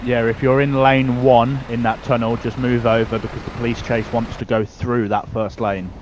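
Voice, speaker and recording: A man's voice: medium pitch, flat delivery, moderate pace. English man hosting a game-chat convoy. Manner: chatty, gives lane directions to the group. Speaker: convoy host. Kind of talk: casual voice chat while gaming. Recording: noisy gaming voice chat.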